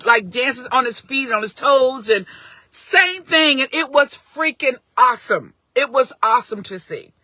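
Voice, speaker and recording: A woman's voice: on the high side, sharp tone, no room sound. A middle-aged woman telling a heartfelt story on a phone live stream, earnest and emphatic, with frequent restarts. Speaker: parent advocate streaming live. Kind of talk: casual live-stream talk.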